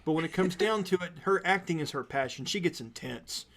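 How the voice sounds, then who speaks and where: A man's voice: a little high, expressive, fairly quick, a bit bright. A man narrating a tabletop game as game master, describing scenes at length with frequent fillers.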